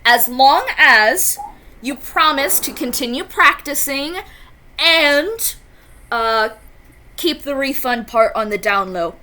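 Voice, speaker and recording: A kindly wizard teacher, as a woman puts it on for a tabletop game, doting and gently teasing. The voice sits a bit high and sounds bright and sharp. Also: expressive, slow, exaggerated voice.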